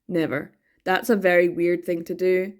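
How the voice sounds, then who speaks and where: A Scottish woman chatting casually in a reading vlog, animated and quick to laugh, with the odd swear word for emphasis. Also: lowish voice. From Scotland. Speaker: manga reading vlogger.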